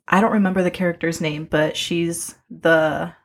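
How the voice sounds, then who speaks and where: A woman guest in a casual podcast chat, easygoing and quick to laugh at her own lapses. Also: lowish voice, fairly even intonation. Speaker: guest, scare actress.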